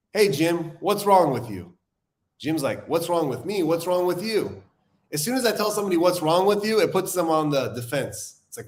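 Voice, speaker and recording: A young adult man hosting a recovery live stream, talking in an earnest, animated way and reading viewer comments aloud. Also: medium pitch. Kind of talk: casual live-stream talk.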